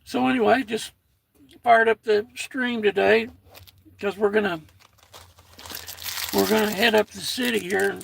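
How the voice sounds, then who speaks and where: A man's voice: sits high, fairly even intonation, a little slow, vocal fry, long pauses, slight background noise. An older American man with a folksy manner, chatting casually on his own livestream and reading out viewer comments. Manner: folksy, reads out viewer comments, warm toward chat. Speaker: livestream host.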